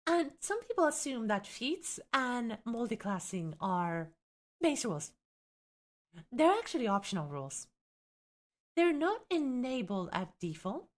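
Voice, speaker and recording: Young woman streamer, light Finnish accent, lively, swooping delivery, chatty and teasing with her viewers. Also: on the high side, measured pace. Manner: chatty, reacts to viewers, teasing, exasperated laughs. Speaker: streamer and tabletop game content creator. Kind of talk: live stream chat and rulebook reading.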